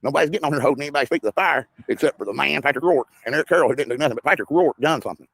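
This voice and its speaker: A man's voice: medium pitch, rapid-fire, creaky, fairly bright tone, breathy edge, dry recording. A man giving insistent, preachy commentary as a guest, repeating his points. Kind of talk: impassioned commentary.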